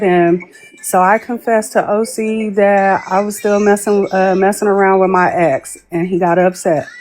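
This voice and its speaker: A woman's voice: medium pitch, steady tone, measured pace, a little hiss or hum. A woman, a guest on a live stream, telling a long story in a chatty way and acting out what people said. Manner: chatty, laughs while telling, acts out quoted people. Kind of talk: casual storytelling.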